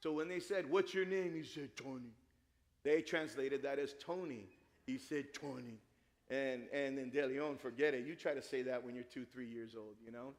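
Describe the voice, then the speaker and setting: A middle-aged man preaching a sermon, telling a family story with lively acted-out dialogue. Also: medium pitch, moderate pace, hardly any pauses. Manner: animated storytelling, acts out dialogue. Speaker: pastor. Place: church sanctuary. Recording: long hall reverb.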